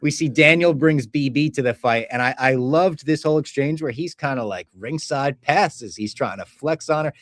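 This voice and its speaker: A man's voice: medium pitch, normal speed, few pauses, dry recording, studio quality. A man co-hosting a podcast, recapping TV episodes in casual chat, enthusiastic and laughing often. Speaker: podcast co-host.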